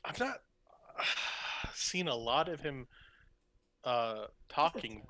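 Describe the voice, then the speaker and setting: Guy calling in to the podcast, bright lively voice, jokey. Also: medium pitch, extremely slow, rough recording. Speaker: podcast co-host on a call. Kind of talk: casual chat.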